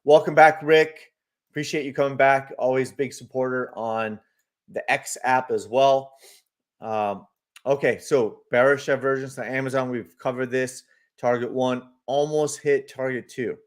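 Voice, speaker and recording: A man's voice: medium pitch, steady tone, a little slow. A man hosting a live market stream, speculating loosely about charts and answering viewers' comments with many fillers. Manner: chatty, reads viewer comments aloud and answers them. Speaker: livestream market analyst host.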